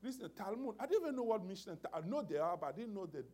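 Man preaching, lively rising and falling pitch, emphatic, repeats phrases, calls for amens, sermon style. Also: very fast.

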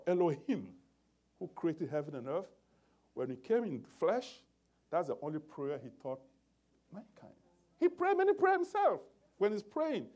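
Animated male preacher, lively pitch. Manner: animated, emphatic preaching with restarts. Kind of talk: sermon.

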